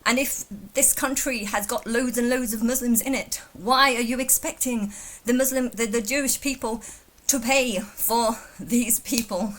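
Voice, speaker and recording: A woman's voice: fairly high pitch, fairly even intonation, measured pace, fairly bright tone. A woman from England talking casually in a reaction vlog, rambling with frequent restarts and repeated words. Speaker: vlogger reacting to a video.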